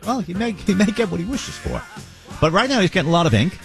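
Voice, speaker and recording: A man's voice: sits high, very animated, fast, creaky, a bit bright, faint music behind. A man hosting talk radio, blunt and folksy, chatting and reading ads in a casual way. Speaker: radio talk show host. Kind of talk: casual talk radio banter and live ad reads.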